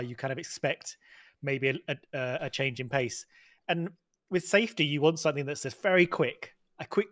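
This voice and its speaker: A man co-hosting a live watchalong, chatting casually in an animated, exasperated way. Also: on the high side. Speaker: co-host.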